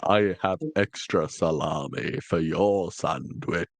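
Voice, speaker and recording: A man's voice: sits low, slow pace, voice pushed down, heavily acted. A man putting on a playful impression of an eccentric male time-travelling hero, in a mock-grand delivery.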